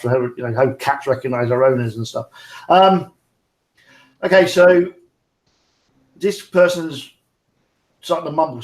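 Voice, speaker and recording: A man's voice: medium pitch, a little mellow. A man with a mid-range voice chats through a tabletop game, reasoning aloud about what he sees. His voice carries a roomy echo. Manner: chatty, thinks aloud. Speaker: player. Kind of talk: casual tabletop game chat.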